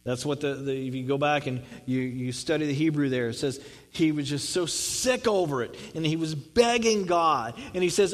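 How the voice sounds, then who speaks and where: A man's voice: a little high, normal speed, low-quality recording. A man preaching a sermon, reading scripture and explaining it in a conversational way, often repeating words for emphasis. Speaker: pastor.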